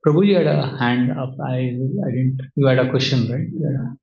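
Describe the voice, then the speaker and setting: A man teaching as a spiritual speaker, giving a devotional talk with audience questions in a measured way, asking rhetorical questions and answering them himself. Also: medium pitch, vocal fry. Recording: roomy, slightly dull sound.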